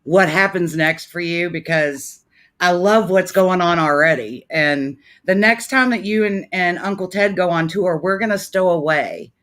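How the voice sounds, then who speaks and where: A woman's voice: fairly low pitch, unhurried, a bit bright. A woman hosting a casual interview over a video call, talking in an effusive way and laughing easily. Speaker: interview host.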